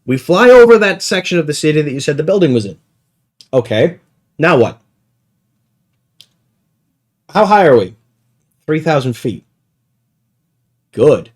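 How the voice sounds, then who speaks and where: A man with a fairly high, very lively voice, chatting casually as a podcast host. He tells his stories animatedly and laughs often. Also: takes it slowly, long pauses. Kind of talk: casual chat.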